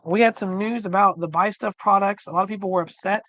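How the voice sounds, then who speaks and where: A man co-hosting a casual livestream chat, rambling with many fillers and restarts while slowly losing his voice. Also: high-pitched, bright, forceful tone, dry recording. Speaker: livestream co-host.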